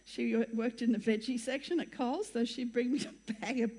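An older woman speaks with a slightly high voice as she shares a personal testimony with a gathering. She rambles and keeps interrupting herself with chatty asides and laughs. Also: steady tone, brisk, mellow. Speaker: church speaker sharing her testimony. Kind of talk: chatty personal storytelling to an audience.

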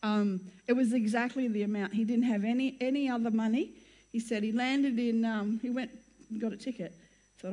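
An older woman speaks with a slightly high voice as she shares a personal testimony with a gathering. She rambles and keeps interrupting herself with chatty asides and laughs. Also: steady tone, brisk, dark tone. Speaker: church speaker sharing her testimony. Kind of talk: chatty personal storytelling to an audience.

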